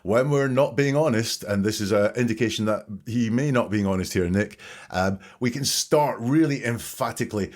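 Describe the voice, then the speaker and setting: Measured low-voiced man analyzing. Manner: measured, dissecting each phrase. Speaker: podcast host. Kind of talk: analytical commentary on interview clips.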